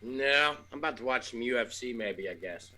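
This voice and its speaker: A man on a casual podcast, joking in an animated, profane way. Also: medium pitch, normal speed. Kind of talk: casual chat.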